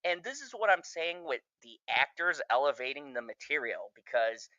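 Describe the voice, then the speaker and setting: A man with a bright, forceful voice recaps a TV episode in a loose, profane way, often breaking into laughter. The sound is dry and a little dull and lo-fi. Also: medium pitch, animated, normal speed, no echo. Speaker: TV show reviewer. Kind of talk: casual spoiler review.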